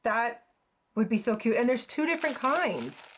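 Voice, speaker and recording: A woman's voice: a little high, lively intonation, normal speed, noisy background. A woman hosting a crafting channel, chatting casually and gushing over each piece with frequent exclamations and little laughs. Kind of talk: casual unboxing chat.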